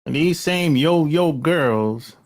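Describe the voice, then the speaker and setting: Slow, animated middle-aged man ranting. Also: on the high side. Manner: rambling, blunt, with slang and profanity; frequent sighs and restarts. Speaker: channel host. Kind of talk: casual opinion monologue.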